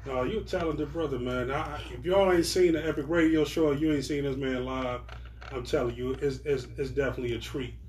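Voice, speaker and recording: A man's voice: mid-range voice, fairly quick, darkish tone. A man co-hosting a casual podcast, hyping up the guest and asking questions in an encouraging way. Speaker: podcast co-host. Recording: echoey, far from the mic.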